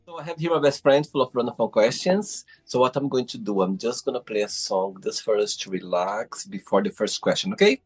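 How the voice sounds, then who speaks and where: A man's voice: on the low side, brisk, few pauses, faint music behind. A male host interviewing a guest over a video call, encouraging and often saying "wow". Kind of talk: interview hosting.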